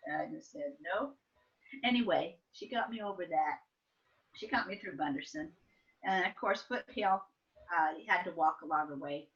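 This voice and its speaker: An older woman telling family stories in an interview, acting out her younger self with lively voices. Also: lowish voice, moderate pace. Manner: animated storytelling, acts out her younger self. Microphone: soft and distant at times. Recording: dull lo-fi sound.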